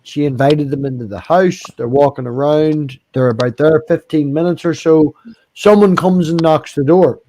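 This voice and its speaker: A man's voice: a little high, fairly even intonation, moderate pace, mellow. A man with a Northern Irish accent telling wry, chatty anecdotes in casual conversation. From Northern Ireland. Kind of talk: casual chat.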